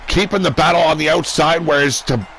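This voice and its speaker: A man's voice: a little high, brisk, a bit bright, a little hiss or hum. A man giving casual, profane play-by-play commentary on a wrestling video game, joking and irreverent. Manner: crude, irreverent, joking banter.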